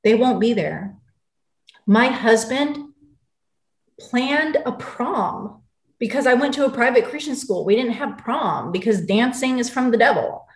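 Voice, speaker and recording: A woman's voice: a little high, expressive, a little slow. A woman in her forties from the United States, a guest in an interview who tells her story in an angry, intense and blunt way. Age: 40s. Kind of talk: emotional interview. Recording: roomy echo.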